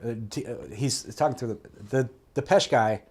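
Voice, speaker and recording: A man guest telling a story in a casual, animated way, swearing freely and acting out quoted voices. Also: mid-range voice, normal speed, noisy background. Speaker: guest, military veteran.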